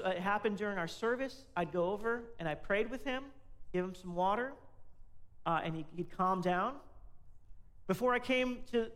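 A man's voice: high-pitched, a bit bright. A man, a pastor, giving a conversational sermon and asking the congregation questions.

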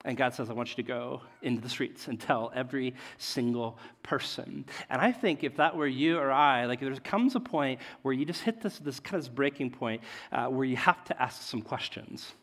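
A man preaching a sermon as a pastor, in a conversational way, often checking in with "right?" and swinging between loud emphasis and quiet asides. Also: mid-range voice, normal speed. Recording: long hall reverb.

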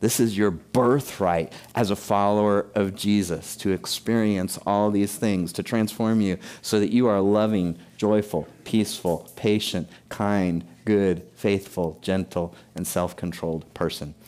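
Male pastor, middle-aged, low-voiced, emphatic sermon delivery. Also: fairly even intonation, measured pace, few pauses, a little mellow. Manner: emphatic preaching, questions to the congregation.

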